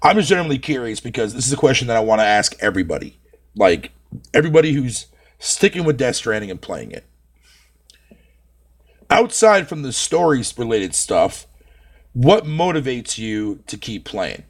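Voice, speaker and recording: A man's voice: mid-range voice, very animated, moderate pace. Swearing, ranting male streamer. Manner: venting, heavy swearing, rambling; frequent filler phrases. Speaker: live streamer. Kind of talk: casual live-stream chat.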